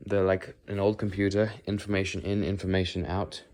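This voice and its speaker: In a casual walk-and-talk vlog, a teenage boy speaks fairly quickly in a low, slightly mellow voice with a flat delivery. He thinks aloud as he walks, rambling and frequently breaking off mid-thought.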